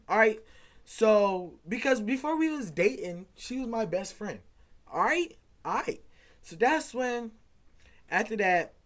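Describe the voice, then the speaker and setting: A young man, likely in his teens, telling a casual storytime, rambling and animated as he acts out quoted back-and-forth dialogue. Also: sits high. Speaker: vlogger.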